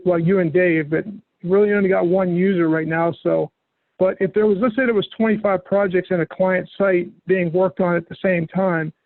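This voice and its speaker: A fairly high-pitched man walks a user through each click in a software training session, his instructions relaxed and patient. The call audio sounds tinny and phone-like, close and dry, with a dry recording overall.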